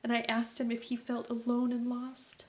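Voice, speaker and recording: A woman's voice: a little high, completely flat delivery, normal speed. A middle-aged woman talking straight to camera about her family, earnest and preachy, often dropping into a whisper for emphasis. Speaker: vlogger, mother. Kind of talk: emotional personal vlog monologue.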